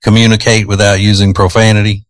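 A male radio host, low-pitched and easygoing as he rambles through his opinions and teases his co-host. He talks into a close studio mic in a dry, dead room. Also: flat delivery, fast, no room sound. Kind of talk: casual morning-show chat. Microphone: studio microphone.

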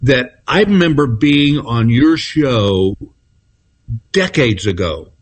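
A man from Texas in his sixties, a comedian guest telling stories in a relaxed, chuckling way, calling in by phone. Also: medium pitch. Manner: laid-back storyteller, chuckling, drawn-out pauses. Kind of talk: casual anecdote-telling. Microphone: phone call-in.

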